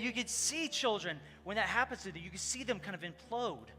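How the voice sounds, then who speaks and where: A man's voice: sits high, animated, fairly quick, few pauses. Earnest preacher man in echoing hall. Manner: earnest, confessional storytelling; addresses the congregation directly. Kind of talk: conversational sermon. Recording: long hall reverb with loud music behind.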